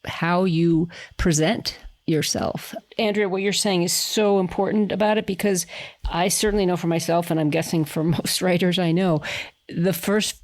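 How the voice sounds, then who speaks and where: A woman's voice: on the low side, fairly even intonation, normal speed, darkish tone. A woman writer in a casual podcast discussion, talking in a thoughtful way and explaining her ideas at length.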